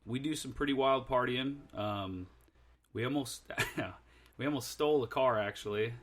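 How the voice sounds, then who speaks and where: A man's voice: medium pitch, normal speed. A young man, a podcast guest, in a casual chat telling a rambling story that he keeps correcting and laughing through.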